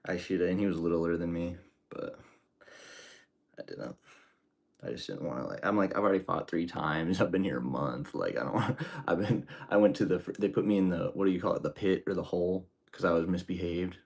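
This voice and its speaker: A man's voice: deep voice, animated, brisk, vocal fry, darkish tone, slightly rough. A man streaming as he cooks, telling rambling stories in casual, profane slang. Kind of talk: casual storytelling while cooking.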